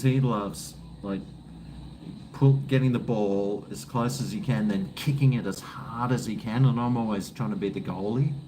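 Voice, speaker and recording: A middle-aged man with an Australian accent chats casually and rambles between sips of beer. His talk is loose, jokey and full of swearing. A steady noise sits behind his voice. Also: fairly low pitch. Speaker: live-stream host. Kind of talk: casual chat while drinking beer.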